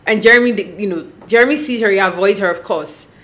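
A woman casually recapping a reality show, acting out quotes in a chatty, animated way. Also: medium pitch, a little fast. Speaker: recap host.

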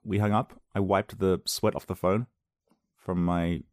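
A young man hosts his own casual podcast from home and tells a self-mocking story. He speaks in a fairly low voice and jumps up in pitch to act out the other people in it. His microphone sits close and dry, with no room sound around him. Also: fairly even intonation, measured pace, a little mellow, no echo. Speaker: podcast host. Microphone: podcast microphone on a loose cable at home.

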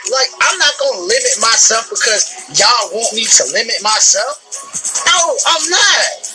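A woman's voice: a little high, poor audio. A woman speaking as a motivational speaker in an emphatic, repetitive, slangy monologue. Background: loud music.

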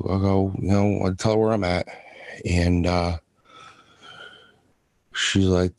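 Deep flat-voiced man telling his story. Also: dry recording. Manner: halting, with many restarts and fillers. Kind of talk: personal testimony.

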